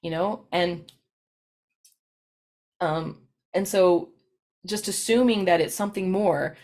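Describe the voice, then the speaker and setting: In a slow, slightly mellow voice on the low side, a woman delivers a recorded professional presentation for practitioners. Her manner is conversational and anecdotal, with frequent "right?" tag questions sprinkled throughout.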